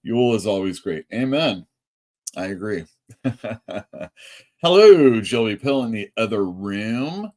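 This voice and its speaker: A man's voice: fairly low pitch, animated, slow pace, long pauses, darkish tone. A man from California hosting a casual live stream for his comic shop, chatting loosely and reading out viewer comments. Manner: chatty, reads out chat comments, laughs often.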